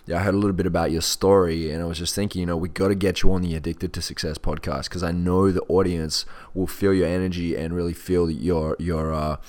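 Deep-voiced podcast host, friendly and upbeat. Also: male voice, a little fast, hardly any pauses. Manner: friendly and energetic, says "mate" and "man". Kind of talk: casual interview.

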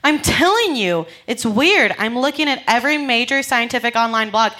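A pushy, agitated male TV producer in his late twenties, charming on the surface with something sinister beneath, as a man reads him at a comedy table read. The voice sits high and swings widely, and it rings bright and sharp. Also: expressive, normal speed, heavily acted. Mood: insistent.

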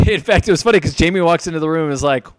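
A man's voice: on the high side, no room sound. Dry-sounding man recapping with laughs. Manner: laughing often, acting out lines in quick voices. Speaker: podcast co-host. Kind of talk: casual chat recapping an episode.

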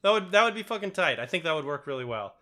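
A man's voice: fairly high pitch, very animated, very fast, bright, forceful tone. A young man chatting casually about a movie, rambling with lots of fillers and swearing. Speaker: podcast co-host.

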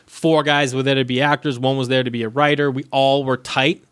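A man's voice: mid-range voice, level tone, fairly quick, a bit bright, smooth, no room sound. A man chatting casually and telling stories with lots of energy, acting out quotes of the people in them. He swears freely. The sound is dry and close. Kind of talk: casual chat with storytelling.

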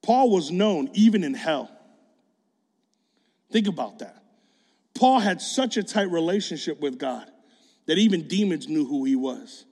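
A man preaching a sermon in a high-pitched voice. He tells stories in loose, casual slang. His words ring out with a long hall reverb. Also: lively intonation, unhurried, gravelly, pauses often, darkish tone.

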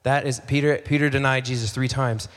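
A man's voice: mid-range voice, steady tone, brisk. Male pastor preaching in a reverberant hall. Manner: conversational, acts out dialogue, repeats phrases. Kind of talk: sermon. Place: church hall.

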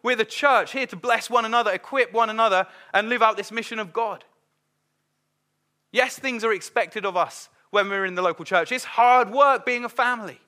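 Middle-aged man, sermon, conversational, acts out quotes; high, bright voice. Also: normal speed. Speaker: preacher.

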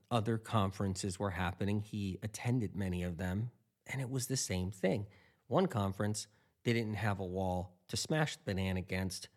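A man eating and talking casually, rambling through anecdotes with lots of quoted dialogue. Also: lowish voice. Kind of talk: casual storytelling monologue.

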